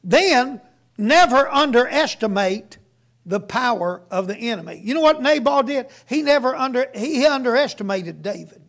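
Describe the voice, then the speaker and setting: Man, sermon, folksy storyteller, very high voice, gravelly. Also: animated, normal speed, fairly bright tone. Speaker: guest preacher.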